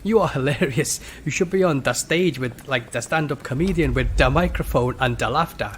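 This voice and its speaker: A man putting on a loose German accent to voice a jolly, loud German soldier in a comedy script reading. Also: mid-range voice, normal speed, slight background noise, lightly acted. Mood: hearty. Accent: put-on loose German accent. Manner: loud, exaggerated.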